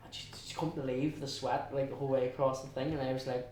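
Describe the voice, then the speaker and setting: A man's voice: medium pitch, flat delivery, a little mellow, slight background noise. Chatty young Belfast man, echoey and distant. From West Belfast, Northern Ireland. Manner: chatty, halting, many restarts and quoted asides. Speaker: guest. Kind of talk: casual storytelling interview. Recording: echoey room, heard from a distance.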